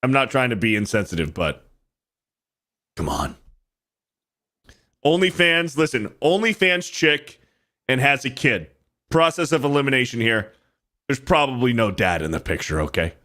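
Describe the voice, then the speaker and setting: A man's voice: mid-range voice, very animated, normal speed, pauses often, pushed and bright. Blunt, crude podcast host man. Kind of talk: casual chat.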